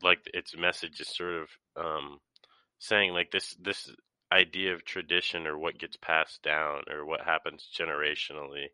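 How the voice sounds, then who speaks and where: Very deep, bright-edged analytical man. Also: level tone, normal speed, clear, resonant tone, dry recording. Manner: thoughtful, analytical, with hesitations. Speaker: podcast co-host. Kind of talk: casual film discussion.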